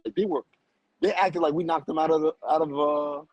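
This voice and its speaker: A young man co-hosting a podcast, telling an animated story in casual chat and laughing often. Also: fairly high pitch, fairly quick, no room sound, rough recording. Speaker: podcast co-host.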